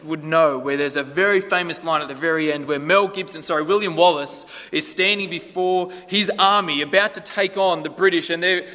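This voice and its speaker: Bright-voiced preacher in a reverberant hall. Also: male voice, on the high side. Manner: conversational preaching with rhetorical questions. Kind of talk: sermon.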